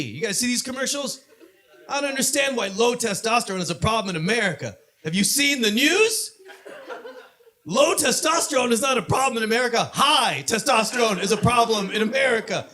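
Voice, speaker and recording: A man from Southern California doing a stand-up comedy set on a club stage, punchy delivery that builds to shouted punchlines. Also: high-pitched.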